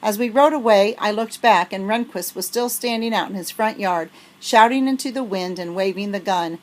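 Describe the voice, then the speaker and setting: A woman's voice: mid-range voice, moderate pace, rough recording. Woman reading a children's novel aloud. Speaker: storybook reader.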